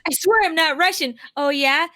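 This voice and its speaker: A woman's voice: high-pitched, normal speed, over a noisy crowd. A woman co-streamer teasing and laughing in casual chat over a game. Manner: giggly, teasing.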